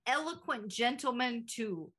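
Chatty bright-voiced woman. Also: fairly high pitch, animated, a little slow. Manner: chatty, full of "like" fillers. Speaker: podcast co-host. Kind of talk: casual chat.

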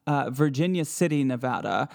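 A man hosting a casual podcast chat in a playful, joking manner, quick to laugh. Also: medium pitch, expressive, vocal fry, a little mellow. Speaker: podcast host.

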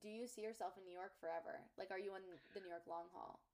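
A woman's voice: medium pitch, steady tone, fast talker, darkish tone. A young woman guest on a video call, chatting casually and rambling with many fillers. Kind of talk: casual chat.

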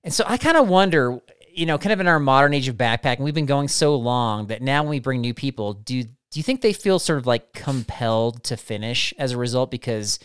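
A man's voice: medium pitch, animated, a little fast, hardly any pauses, a bit bright, clean tone, dry recording, clean studio sound. A man hosting a podcast, asking long, thoughtful, winding questions in casual chat. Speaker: podcast co-host.

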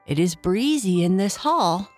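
Storybook toy rocking horse, male, gentle and polite, a woman putting on a raised voice; faint background music. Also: mid-range voice, animated, unhurried, pitched above the performer's own voice. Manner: polite, soft-spoken, thoughtful. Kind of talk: storybook reading.

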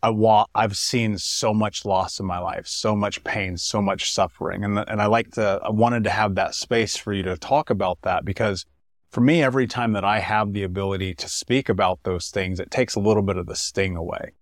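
A man with a lower voice hosts a podcast, speaking openly and reflectively to his guest. The sound is dry and close. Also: steady tone, moderate pace, no echo. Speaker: podcast host. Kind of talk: interview conversation.

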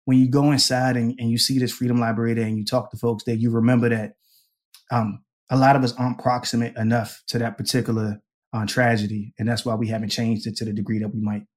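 A man as an interview guest, telling a personal story in a lively way, laughing often and acting out the people he quotes. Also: medium pitch, quick pace. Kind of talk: conversational storytelling.

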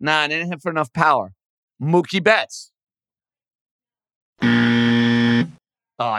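A man hosting a sports radio show, casually thinking out loud as he works through baseball trivia. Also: on the high side, slow pace, long pauses, no room sound. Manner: animated, thinks out loud, self-deprecating.

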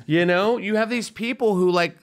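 Male podcast host, animated gossip, smooth resonant tone. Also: sits high, moderate pace. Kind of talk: casual chat.

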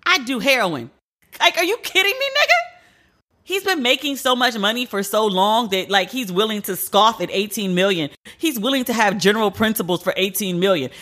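A woman's voice: mid-range voice, a little fast, hardly any pauses, fairly bright tone. A young woman hosting a podcast, ranting in a blunt, profane, casual way with mock disbelief. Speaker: podcast host. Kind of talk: casual comedic rant.

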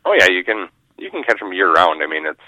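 A man's voice: low voice, very animated, quick pace, pushed and bright, no echo. A man, a fishing guide talking casually in a radio interview, rambling and repeating his words. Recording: muffled phone line.

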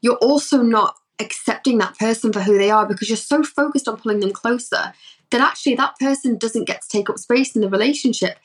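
A woman therapist talking on a podcast, animated and acting out her clients' voices. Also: on the high side, fairly quick. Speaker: therapist guest. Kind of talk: podcast conversation.

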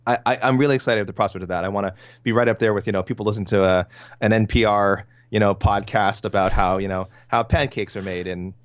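Low-voiced guy rattling off fast, trips over words, muffled dry mic. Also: steady tone, clear, resonant tone, no room sound. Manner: rapid, stumbling restarts. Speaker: podcast co-host. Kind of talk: casual podcast chat.

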